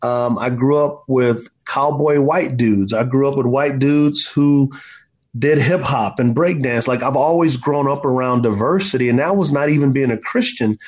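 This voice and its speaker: A man's voice: medium pitch, moderate pace. A man in his forties, an author being interviewed, telling stories in an emphatic, preacher-like way and often saying "man". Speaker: author and guest. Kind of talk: impassioned storytelling in an interview.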